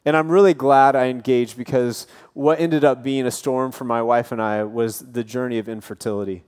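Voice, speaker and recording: Man in his thirties, campus pastor, church sermon, smooth clear voice, earnest and casual storytelling. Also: mid-range voice, steady tone, moderate pace, a little mellow. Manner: casual, earnest storytelling with self-deprecating humor. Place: church auditorium.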